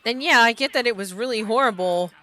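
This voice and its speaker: A woman's voice: on the high side, fast talker, sharp tone, faint music behind. A woman streamer playing a horror game, chatting, reading the on-screen text aloud, and talking back to the characters.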